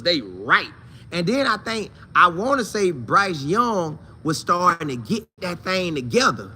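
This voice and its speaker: A man hosting a casual football talk show, animated and slangy, talking straight to his viewers. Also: high voice. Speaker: sports show host.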